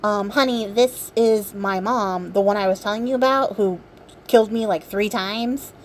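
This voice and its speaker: A woman's voice: medium pitch, normal speed, slight background noise, natural voice. A woman voicing a naive, confused young princess in a casual fairy-tale retelling, airy and breezy.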